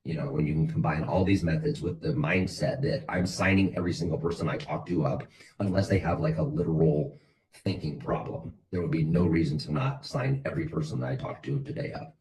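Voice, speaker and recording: Low voiced guy pumping up his sales team on a call, blunt, says everything twice. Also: fairly even intonation, brisk, darkish tone, poor audio. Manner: blunt, motivational, repetitive.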